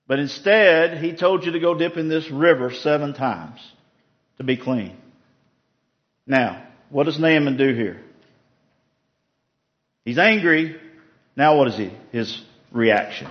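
A man's voice: fairly high pitch, expressive, slow pace, pauses often. Man teaching a casual Bible study, lo-fi. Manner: conversational, asks the group questions. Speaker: preacher leading a Bible study.

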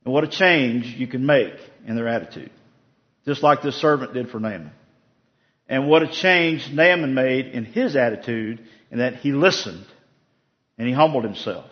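A man leading an evening Bible study in a relaxed, conversational way, asking his group questions as he retells a story. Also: mid-range voice, moderate pace, dull audio. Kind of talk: casual evening Bible teaching.

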